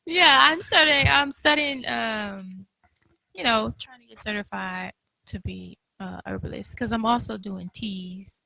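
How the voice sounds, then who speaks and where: A young adult woman with a Southern US accent, co-hosting a casual chat, relaxed and quick to laugh, with many fillers. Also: medium pitch, vocal fry, dry recording, poor audio. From Florida. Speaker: co-host.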